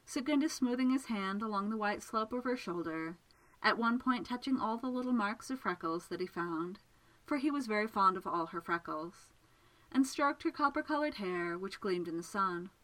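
A woman narrating a romantic story aloud in a measured, smooth reading voice. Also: mid-range voice, expressive, a bit bright, poor audio.

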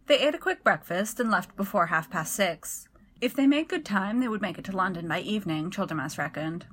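A woman reads a story aloud in an even, clear storytelling manner. Her voice is bright and forward, with a middle pitch. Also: a little fast, a little hiss or hum. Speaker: narrator. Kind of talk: storybook narration.

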